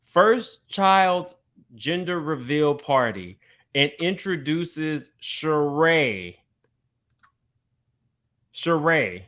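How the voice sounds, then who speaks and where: A man hosting a casual reality-TV gossip commentary, chatty and quick to laugh, talking straight to his viewers. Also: mid-range voice, fairly bright tone. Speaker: commentary channel host.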